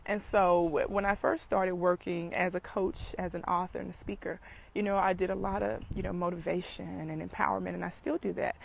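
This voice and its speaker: A woman's voice: lowish voice, level tone, fairly quick, gravelly, slight background noise, low-quality recording. A middle-aged woman, giving an emphatic motivational talk as a dating coach and speaker, preaching and repeating points for emphasis.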